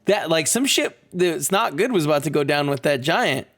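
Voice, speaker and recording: A man on a casual movie podcast, excitable and swearing casually. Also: on the high side, normal speed. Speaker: podcast guest. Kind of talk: casual movie review chat.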